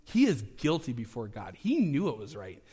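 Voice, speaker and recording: A man preaching a sermon in a conversational, animated way, acting out the scripture as he reads it. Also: medium pitch, moderate pace, husky. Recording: long hall reverb.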